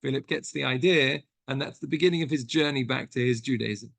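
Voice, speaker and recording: A man's voice: mid-range voice, fairly quick, gravelly, a bit bright. A British man teaching a text study class as a rabbi, reading passages aloud and explaining them through stories in an earnest, explanatory way. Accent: British English. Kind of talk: text study lesson with storytelling.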